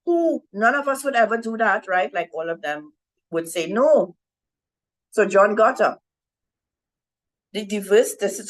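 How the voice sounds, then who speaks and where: A woman's voice: mid-range voice, poor audio. A woman giving an informal Bible teaching talk to women, keeps asking "right?" as she goes. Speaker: women's ministry speaker.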